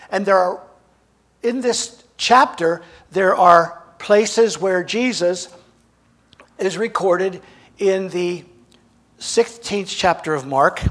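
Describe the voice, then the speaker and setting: Male preacher, husky tone, dramatic sermon delivery with big swings in loudness. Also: sits high. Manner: dramatic, swings between emphatic and hushed.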